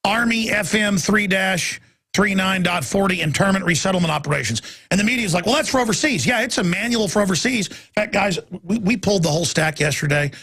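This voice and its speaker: A male talk radio host rants in an indignant, emphatic monologue. His voice is fairly high, gravelly and raspy. Faint music plays behind him. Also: brisk, a bit bright.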